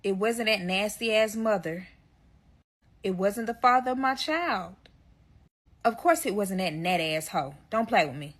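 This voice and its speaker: A woman's voice: mid-range voice, animated, measured pace. A woman telling a dramatic personal story to her viewers in a storytime vlog, swearing freely and talking straight to her audience.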